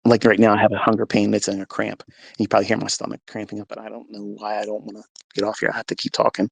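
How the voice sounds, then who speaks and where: A man's voice: fairly low pitch, completely flat delivery, racing, vocal fry, breathy edge. A man giving an emotional, earnest personal faith testimony in a live audio chat, acting out the dialogue as he tells it. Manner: earnest, emotional storyteller who acts out dialogue. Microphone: personal mic or phone in a live audio room.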